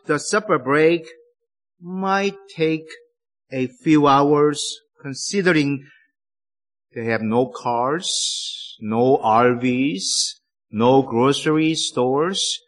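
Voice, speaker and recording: A man preaching a sermon in a deliberate, emphatic way, with careful pauses between phrases. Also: a little high, a bit bright.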